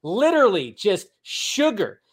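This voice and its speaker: A man's voice: sits high, wildly swooping pitch, a little slow, slightly rough. A man hosting a podcast, rambling through entertainment news with plenty of fillers, swearing and laughs. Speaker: podcast host. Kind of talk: casual solo news chat.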